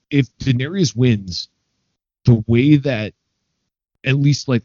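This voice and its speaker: A man's voice: fairly low pitch, warm tone, no echo, highs cut off. A man co-hosting a podcast, giving rambling hot takes in casual chat with lots of fillers. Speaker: podcast co-host.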